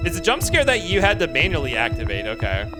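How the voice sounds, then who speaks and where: A rambling game streamer who talks casually, with lots of stops and restarts. The voice moves lively between high and low, and game music plays clearly in the background. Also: quick pace. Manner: rambling, with frequent fillers and restarts. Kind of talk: casual live-stream commentary.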